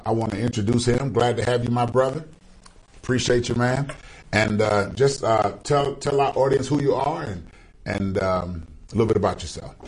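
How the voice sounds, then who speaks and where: A man's voice: lowish voice, darkish tone, husky, rough recording. A man hosting an interview, introducing his guest and affirming him often. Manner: affirming, with frequent "mm-hmm" and "right". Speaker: host. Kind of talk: interview host.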